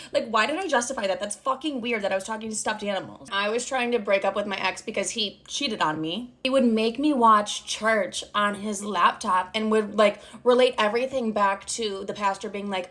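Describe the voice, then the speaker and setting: A woman in her twenties telling stories from her past relationships in a storytime vlog, talking rapidly and exasperatedly, with lots of swearing and "like". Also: medium pitch, fairly bright tone. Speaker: vlogger.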